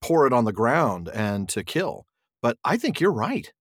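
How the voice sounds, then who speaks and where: A man's voice: medium pitch, big pitch swings, a little slow, breathy edge, dry recording, clean studio sound. A man co-hosting a podcast, discussing a book casually and reading passages aloud with expression. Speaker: podcast co-host.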